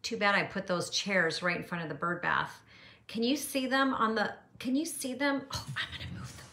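Middle-aged woman, art teacher hosting a phone live stream from home, bright chatty voice, echoey room. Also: medium pitch, steady tone, normal speed. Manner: bubbly and chatty, greets viewers by name, laughs often. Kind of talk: casual live-stream chat. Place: home art studio, indoors. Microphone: phone camera.

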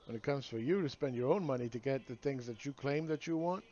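A man's voice: mid-range voice, fast talker, dark tone, dull audio. A man ranting sarcastically in a solo video monologue, mocking the people he argues against. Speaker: market commentator.

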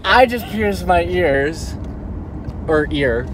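A woman's voice: fairly low pitch, animated, takes it slowly, a crowd in the background. A young woman in a car, chatting casually and ranting with lots of swearing on a vlog. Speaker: vlog co-host. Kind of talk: casual chat. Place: inside a car. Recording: noisy car interior with traffic.

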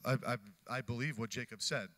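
Male pastor, bright and animated, acts out characters mid-sermon. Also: medium pitch, fairly quick.

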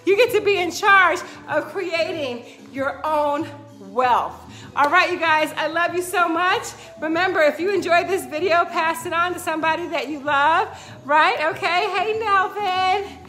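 A woman fitness instructor speaks in a very high, sharp and bright voice. She hosts a live-stream pep talk, repeats her key phrases and calls out viewers by name. Faint music plays in the background. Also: measured pace. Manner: upbeat and emphatic, tags lines with "right?", repeats phrases.

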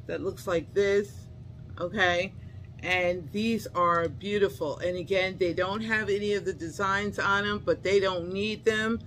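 Mid-range and steady, she speaks a little slowly with a slightly bright tone over slight background noise. A middle-aged haul vlogger, she gushes through a casual unboxing, breaking into delighted squeals and calling viewers y'all and honey.

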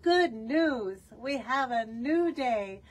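A woman's voice: a little high, expressive, slow pace, far from the mic. A woman voicing an old male shepherd who proclaims joyful news.

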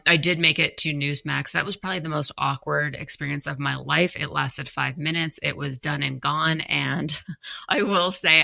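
Young female co-host, tired, gravelly fry, chatty and self-mocking. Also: low-pitched, bright, forceful tone, dry recording. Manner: chatty, self-deprecating, laughs often. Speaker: podcast co-host. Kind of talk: casual chat reading viewer comments.

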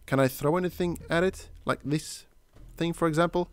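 A man commentating his horror gameplay casually, jumpy and swearing, shouting at the game character. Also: fairly high pitch, fairly even intonation, moderate pace, clean tone, no room sound. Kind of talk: casual let's play commentary.

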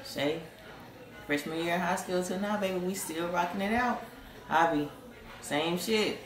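A woman's voice: on the low side, a little slow, roomy sound, background noise. A young woman, a longtime friend of the bride, giving a loose, affectionate toast. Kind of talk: casual toast.

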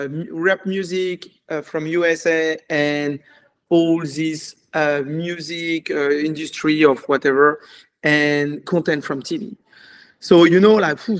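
A man with a French accent, a native French speaker, telling his life story in a casual, rambling interview full of fillers. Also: a little high. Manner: animated, rambling, many fillers. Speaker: commercial filmmaker.

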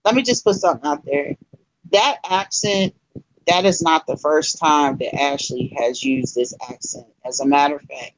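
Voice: mid-range voice, poor audio. A host of a live stream talking to viewers, chatty and emphatic, retelling stories and asking the audience to share. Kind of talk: casual commentary to a live audience.

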